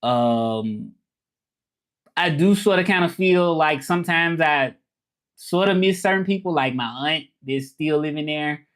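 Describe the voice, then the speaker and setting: A man from Memphis, hosting a casual livestream and talking in a relaxed, rambling way with lots of fillers. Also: on the high side, measured pace. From Memphis, USA. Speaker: livestream host.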